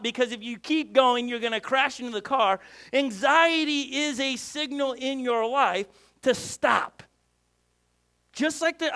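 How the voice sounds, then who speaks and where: High, bright-voiced storytelling pastor. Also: male voice. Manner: animated storyteller, frequent "okay?" and "right?" asides. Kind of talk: sermon with personal story.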